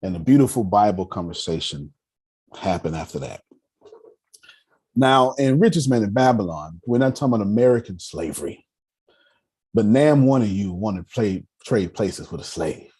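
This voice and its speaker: A man in his thirties teaching personal finance as a lively motivational lecture, an emphatic storyteller who repeats phrases for effect. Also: on the low side, normal speed, slightly rough. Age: 30s.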